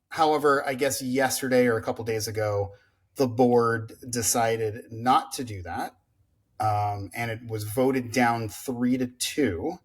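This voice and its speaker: A man co-hosting a podcast in casual chat, rambling with many fillers as he sets up a topic. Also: medium pitch. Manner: rambling, filler-heavy storytelling. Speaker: podcast co-host.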